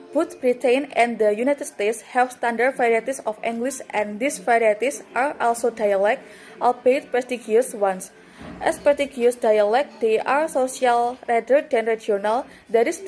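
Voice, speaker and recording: Young woman student reading her class talk, a bit high voice, stumbles and restarts now and then. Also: a little mellow, rough recording. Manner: reads steadily, with slips and restarts. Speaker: student presenter.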